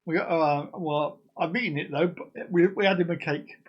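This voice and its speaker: A man's voice: on the high side, steady tone, normal speed, slightly rough, muffled recording. A man hosting a casual live stream, rambling and joking as he chats to his viewers. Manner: jokey, rambling, sings and laughs along.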